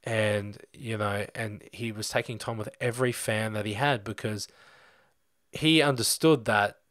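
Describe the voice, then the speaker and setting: An Australian man in his young adult years recounts a story in a loose, chatty podcast manner, full of ums and restarts. His voice sits fairly low. The recording is dry and close. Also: measured pace, no echo. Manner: rambling, animated anecdote with many fillers. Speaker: podcast host. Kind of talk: casual storytelling.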